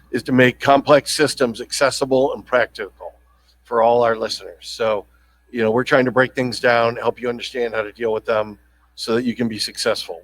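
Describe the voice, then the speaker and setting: A man's voice: on the low side, a bit bright, dry recording, poor audio. A man hosting a casual podcast, joking around and rambling with fillers and restarts. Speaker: podcast host.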